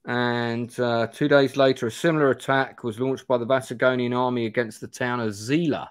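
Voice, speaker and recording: A man hosts a live play-through, moving between reading aloud and casual asides. His mid-pitched voice is chatty and full of self-deprecating rambling. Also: fairly even intonation, moderate pace, no echo, studio quality. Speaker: host reading a gamebook live. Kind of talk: live-stream play-through narration and chat.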